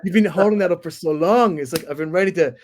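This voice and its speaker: A man co-hosting a casual sports chat, talking in halting bursts full of restarts and banter. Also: a little high. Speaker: podcast co-host.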